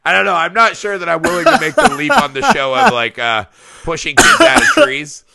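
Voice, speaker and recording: A man in his thirties co-hosting a casual movie podcast, animated and profane, acting out quotes with big jumps in his voice. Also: sits high, brisk, gravelly, no room sound. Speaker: podcast co-host.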